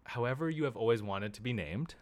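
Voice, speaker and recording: A man's voice: medium pitch, fast, no echo. A man co-hosting a podcast in casual, jokey banter, laughing often. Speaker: podcast co-host.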